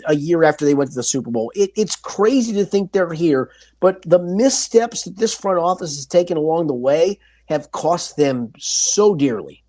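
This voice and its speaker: High-voiced emphatic podcast host. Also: male voice. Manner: animated, emphatic, stumbles and restarts. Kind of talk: casual sports talk.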